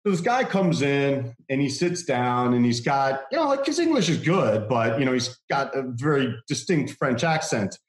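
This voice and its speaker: Animated man telling a story. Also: medium pitch, moderate pace, hardly any pauses, reverberant. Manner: animated storyteller, laughs often, puts on voices of others. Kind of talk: casual anecdote.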